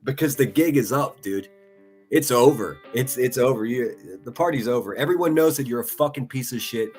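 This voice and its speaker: A man's voice: mid-range voice, lively intonation, normal speed, a little mellow, breathy edge, soft background music. Foul-mouthed mocking man streamer. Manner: profane, taunting, laughs often. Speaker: livestream commentator. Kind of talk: mocking live-stream commentary.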